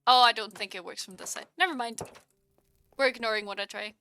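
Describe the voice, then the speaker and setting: A young woman streamer chatting casually with her viewers while she plays, giggling often and breaking into excited exclamations. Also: fairly high pitch, brisk, slight background noise.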